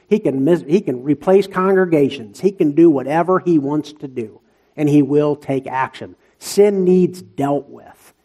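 A man's voice: on the high side, warm tone. A man who is a church elder, preaching an earnest sermon with repeated emphatic lines and folksy grammar.

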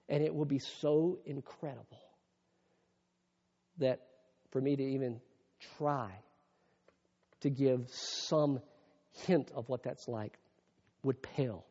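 A man preaching a sermon as pastor, moving between hushed, reflective passages and raised, emphatic preaching. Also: on the high side. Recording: muffled long-reverb hall sound.

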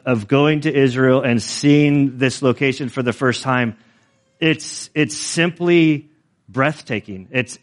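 Conversational man preaching a sermon. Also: medium pitch. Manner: conversational, self-deprecating preaching with frequent restarts and asides. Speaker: pastor.

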